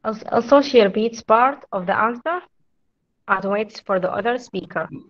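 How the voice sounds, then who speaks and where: A woman's voice: a little high, normal speed, dull audio, a little hiss or hum. A woman student giving hesitant answers in an English class.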